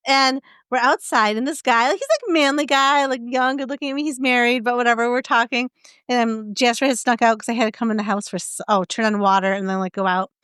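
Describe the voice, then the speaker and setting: A woman's voice: on the high side, steady tone, a little fast, a bit bright, clear, resonant tone, no room sound, clean studio sound. A woman co-hosting a podcast, telling chatty stories and laughing often. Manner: giggly storyteller, laughs often. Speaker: podcast co-host. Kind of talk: casual chat. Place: rural home.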